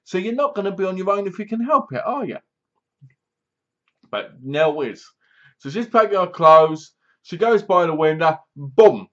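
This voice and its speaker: A man's voice: high voice, expressive, moderate pace, pushed and bright. A man giving a casual, rambling spoken film review, retelling scenes with sound effects and asides. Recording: dull lo-fi home recording.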